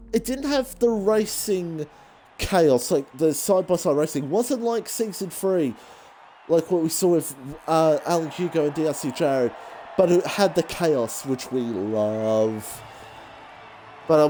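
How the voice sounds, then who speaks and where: A man giving rambling, excitable live commentary on an online racing league, saying he is out of breath. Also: on the high side. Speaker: race commentator.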